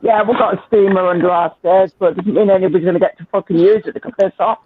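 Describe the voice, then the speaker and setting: A man's voice: sits high, fairly even intonation, fast, no room sound. A man with a Northern English accent hosting a casual live chat, talking freely, swearing and laughing often. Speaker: livestream host. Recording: tinny phone-like line.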